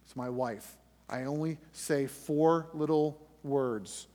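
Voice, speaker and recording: A man's voice: fairly high pitch, takes it slowly, dark tone. Man telling a story in a reverberant room. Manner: conversational storytelling with restarts, rising tension when reliving the scare. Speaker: podcast host. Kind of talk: personal story in a faith podcast.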